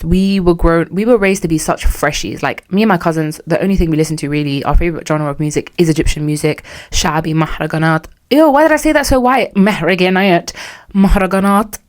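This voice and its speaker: A woman's voice: fairly low pitch, darkish tone. A young British woman hosting a solo podcast, candid and chatty with a sarcastic streak. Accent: British English. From United Kingdom. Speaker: podcast host.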